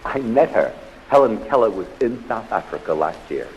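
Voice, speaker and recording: A man lecturing live on a theatre stage, his lowish voice rising and falling in a very animated way as he spins anecdotes with dramatic pauses. The old recording carries the long reverb of the hall and a faint hiss and ambience. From United States. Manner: storytelling, dramatic pauses, punchy delivery.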